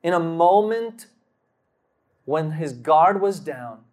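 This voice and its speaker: A man preaching a sermon, telling a personal story slowly and dramatically, acting out quotes and breaking into sudden loud bursts. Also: fairly high pitch, expressive.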